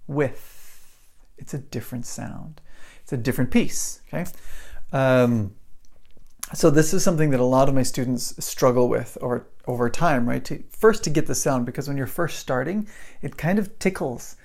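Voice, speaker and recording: A man's voice: mid-range voice, moderate pace, creaky, darkish tone. A man teaching English pronunciation to camera, explaining patiently and checking in with the viewer again and again. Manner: explains patiently, keeps checking with "right?" and "okay?". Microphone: microphone in front of him.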